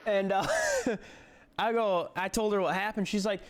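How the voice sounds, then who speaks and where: A man's voice: high voice, brisk, clean tone. A young man casually telling a story to his camera, rambling, swearing and laughing as he goes. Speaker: vlogger.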